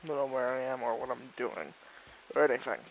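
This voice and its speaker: Male let's-play host, gravelly, rambling and hesitant, reads dialogue aloud with jokes. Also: medium pitch, quick pace, highs cut off, a little hiss or hum. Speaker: gamer playing through the game. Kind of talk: casual let's-play commentary, reading lines aloud.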